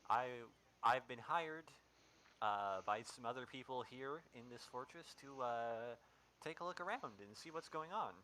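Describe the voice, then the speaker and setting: A man's voice: medium pitch, expressive, a little slow, bright, forceful tone, poor audio. A man playing Mouse, a hesitant polite adventurer. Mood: apologetic. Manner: hesitant, stammering, placating. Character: polite wandering adventurer Mouse, eager to talk.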